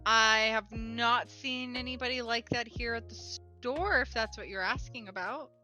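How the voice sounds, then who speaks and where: A woman's voice: a little high, a little slow, sharp tone, soft background music. A woman narrating as game master of a tabletop game, casual and laughing often.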